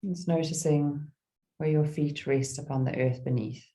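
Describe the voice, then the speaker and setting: A middle-aged woman leading a guided meditation and reading a poem aloud, speaking slowly and soothingly with gentle pauses. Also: deep voice, fairly even intonation.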